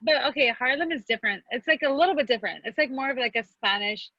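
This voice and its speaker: A woman's voice: fairly high pitch, fast talker, pushed and bright, no echo, muffled recording. A woman from Texas in a casual, candid chat, teary at times and swearing freely. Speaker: podcast co-host.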